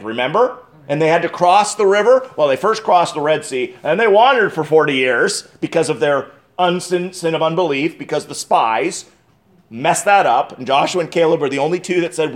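A man delivering an expository sermon as pastor, preaching emphatically with dramatic pauses and restarts. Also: on the high side.

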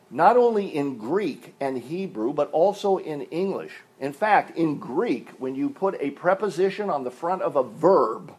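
A man's voice: fairly high pitch, darkish tone, husky. An older man preaching a sermon, explaining things step by step like a teacher and leaning on single words for emphasis. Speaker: pastor.

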